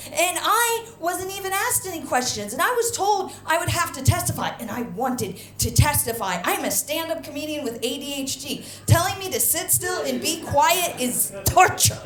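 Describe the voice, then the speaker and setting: A woman performing a stand-up comedy set, animated, jumping into loud high mock voices for punchlines. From United States. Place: comedy venue stage. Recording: echoey live venue, faint ambience.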